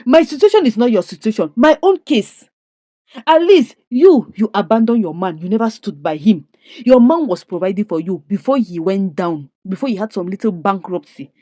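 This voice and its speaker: A woman voicing a fed-up wife who slowly and emphatically denounces her husband. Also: medium pitch, expressive, dark tone, no room sound, close to an everyday voice. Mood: lecturing. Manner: slow, emphatic, indignant.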